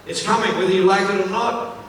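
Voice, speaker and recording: Male motivational speaker, high-pitched, punchy and repetitive, recorded from a distance in a big echoey hall. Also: quick pace, slight background noise. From Africa. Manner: energetic, repetitive, asks the audience questions. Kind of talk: live keynote speech to an audience. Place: large event venue, on stage. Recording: echoey hall, mic at a distance, faint ambience.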